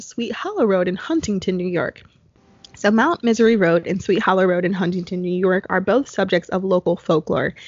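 A husky-voiced woman chats through haunted road legends on a podcast, quick and blunt, laughing between lines. The recording is dry and close, with no room sound. The sound is dull and lo-fi. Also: medium pitch, a little mellow, dry recording. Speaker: podcast co-host. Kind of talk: casual chat reading spooky road lore.

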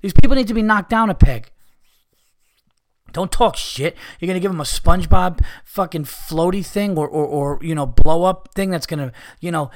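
A man with a high voice hosts his podcast in a heated, profane rant. He talks with frustration and swears freely throughout. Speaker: podcast host. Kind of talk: ranting podcast monologue.

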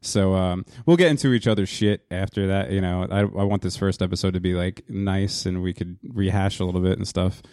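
A man's voice: low voice, fairly even intonation, a little mellow, no echo. A man in his thirties from New Jersey, co-hosting a podcast in a casual, rambling chat full of restarts, recorded in his parents' home music studio. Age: 30s. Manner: rambling, halting, laughs often. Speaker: podcast co-host. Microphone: podcast mic in a small home studio.

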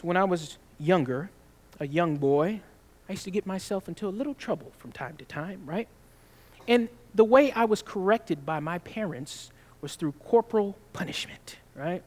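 A man from the Southern United States preaching a sermon, emphatic, drawing out scripture slowly and often adding "right?". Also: on the high side, darkish tone. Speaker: pastor.

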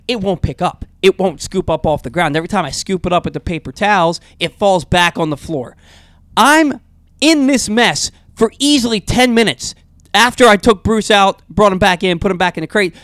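Lively higher-voiced male radio host. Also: normal speed, no room sound. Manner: animated rambling storyteller, restarts often. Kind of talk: casual talk radio chat.

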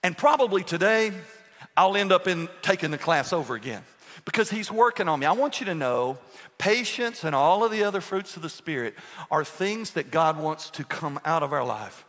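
An older man, a pastor, preaches a sermon to his congregation in a church sanctuary, telling lively, humorous stories and firing questions at the room. His slightly high voice moves through a wide, expressive range at normal speed. A long church reverb trails every phrase.

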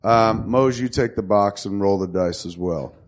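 A man's voice: lowish voice, unhurried. A man running a tabletop game as game master, joking crudely and chuckling through his own setups.

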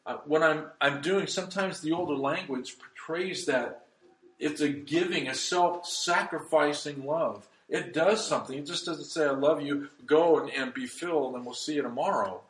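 A pastor preaching a sermon, swinging between loud emphasis and hushed, soft passages. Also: male voice, on the high side, moderate pace, echoey room, low-quality recording.

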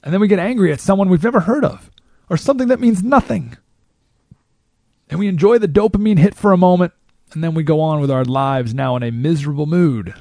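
A man hosting a talk show, delivering an animated monologue and mockingly mimicking other people. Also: a little high, a little fast, no echo, clean studio sound. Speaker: radio talk show host. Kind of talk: monologue commentary.

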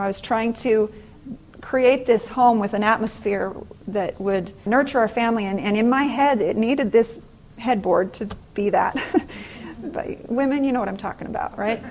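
A middle-aged woman speaking to an audience in an inspirational faith-based talk, telling stories in an earnest, animated way. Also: a little high, slight background noise, rough recording.

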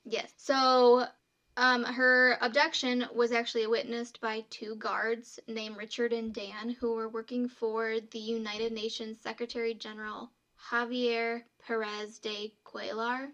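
A woman co-hosting a podcast tells a true story in a casual, chatty way, reading long quotes aloud between fillers. Her voice sits a little high, and her pitch stays quite flat and level. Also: a little slow, muffled recording. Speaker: podcast co-host telling the story.

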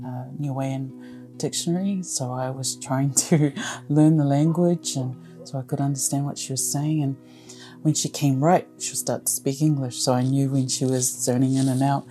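A woman's voice: very deep voice, steady tone, normal speed, mellow, faint music behind. A woman, a family caregiver, telling her story frankly and from the heart. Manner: heartfelt, frank, laughs through hard memories. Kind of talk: candid personal storytelling.

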